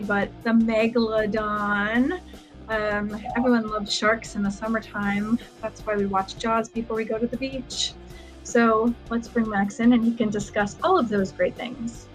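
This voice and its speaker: Woman hosting a show, kinda high voice, faint music behind, says um a lot. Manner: upbeat introductions with filler ums. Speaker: host. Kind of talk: podcast hosting.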